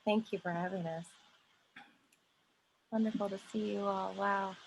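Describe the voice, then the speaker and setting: A woman's voice: medium pitch, steady tone, a little slow, gravelly, dull audio, a little hiss or hum. A woman guest musician chatting casually and laughing over a video call before playing. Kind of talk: casual chat.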